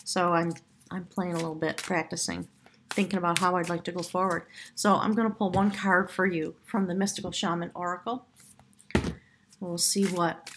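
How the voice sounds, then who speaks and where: A woman giving a spiritual tarot reading to camera, effusive and heartfelt, wandering between thoughts with soft fillers. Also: mid-range voice, background noise. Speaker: tarot reader.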